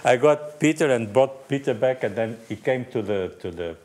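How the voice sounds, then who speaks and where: A man's voice: medium pitch, expressive, normal speed, a little mellow. A middle-aged man, a team manager, telling stories in a casual panel chat, acting out the people he quotes and laughing often.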